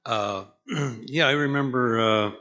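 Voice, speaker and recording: A man speaking at a memorial, recalling the past in halting phrases. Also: mid-range voice, sharp tone, lo-fi sound. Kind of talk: reminiscing talk.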